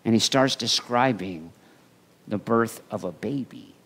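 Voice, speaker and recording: A male pastor preaching a sermon in an animated storytelling way. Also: fairly low pitch, unhurried, husky. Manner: animated storytelling, acting out voices.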